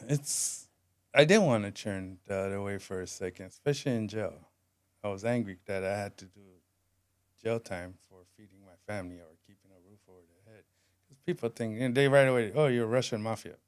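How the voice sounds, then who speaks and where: A man in his forties, a podcast guest, telling his story candidly in plain street-style talk and going quiet on the heavy parts. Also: on the low side, brisk, smooth. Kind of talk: emotional storytelling.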